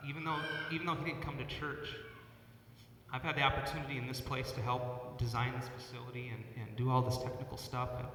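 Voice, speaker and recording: In a church sanctuary, a middle-aged worship leader delivers a personal eulogy for his father, pausing and repeating words as he shares stories. His medium-pitched, level voice is captured from far off in an echoey hall with a noisy background.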